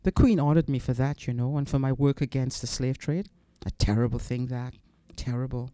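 Boastful victorian explorer as a male reader puts him on, warm smooth voice, self-satisfied, read from a story. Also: mid-range voice, steady tone, a little fast, no room sound, natural voice.

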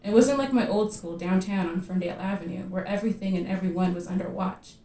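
A woman reading her own fiction aloud at a live literary reading, measured and vivid in her storytelling. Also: medium pitch, fairly even intonation, dark tone, far from the mic. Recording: echoey room at a live reading.

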